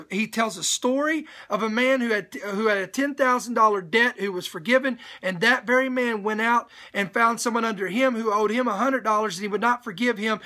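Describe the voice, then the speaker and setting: Reading scripture aloud during a live-streamed sermon, a preacher keeps breaking off to press his listeners to stay and pay attention. His voice is extremely high-pitched, pushed and bright.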